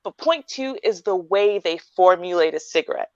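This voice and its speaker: A woman's voice: fairly low pitch, animated, moderate pace, dry recording. A woman hosting a podcast in casual chat, explaining her points with emphasis, one by one. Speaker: podcast host. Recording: dry, dull lo-fi sound.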